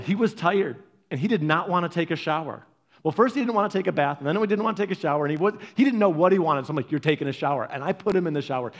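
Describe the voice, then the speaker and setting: A male pastor delivering a sermon in a relaxed, conversational manner. His speaking voice sits high for a man. He often restarts and repeats words, and he moves into lively storytelling. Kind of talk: preaching a sermon.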